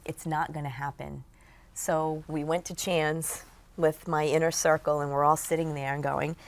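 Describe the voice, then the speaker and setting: A woman guest in an interview, telling a story in an animated way and acting out what people said. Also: low-pitched, gravelly. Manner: animated storyteller, acts out quotes.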